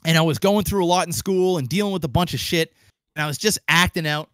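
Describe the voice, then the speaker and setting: A young man on a podcast, his voice sitting a bit above the usual pitch for a man. He tells a casual, animated story, swears freely and slips into the voices of the people in it. The sound is dry and close. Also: quick pace, dry recording. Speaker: podcast co-host.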